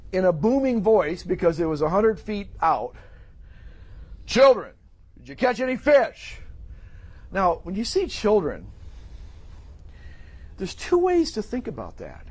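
A man's voice: high-pitched, darkish tone, slightly rough. A middle-aged man preaching a sermon in a conversational way, acting out the voices of people in the story. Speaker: pastor.

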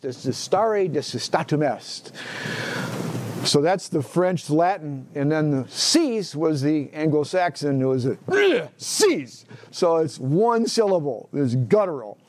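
Slightly high-voiced man teaching a Bible class. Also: lively intonation, a little slow, hardly any pauses, darkish tone. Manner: asks the class questions and repeats their answers; restarts phrases while thinking aloud.

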